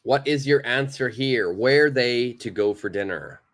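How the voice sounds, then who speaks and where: A man's voice: medium pitch, animated, unhurried, fairly bright tone. A man teaching English in a live online lesson, explaining phrases emphatically and reading out viewer comments.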